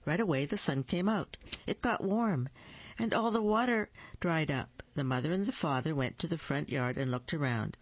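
A storyteller reading a picture book aloud at a deliberate pace, with small slips. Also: medium pitch, husky, highs cut off.

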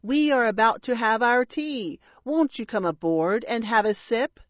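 A woman's voice: fairly high pitch, expressive, measured pace, dry recording, highs cut off. A sly, falsely friendly pirate captain, read by a woman. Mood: coaxing. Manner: hearty, coaxing.

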